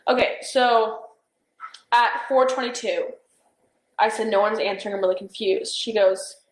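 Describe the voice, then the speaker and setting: A woman's voice: mid-range voice, a little slow, reverberant, low-quality recording. A young woman in a police interview, recounting events in a hesitant, rambling way full of "like" and "I don't know". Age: young adult.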